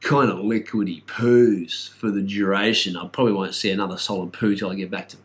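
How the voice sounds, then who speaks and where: A middle-aged Australian man talks in a rambling, casual vlog update. His voice sits fairly low, and he is blunt and sweary, with lots of fillers. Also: fairly even intonation, a little fast. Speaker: vlogger.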